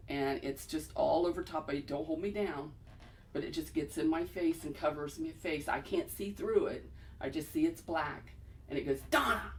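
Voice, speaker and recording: Her voice sits low and gravelly as this middle-aged homeowner recounts frightening experiences in her home on a paranormal show. She is earnest and anxious, often saying things more than once, and the recording has an echoey room and faint noise.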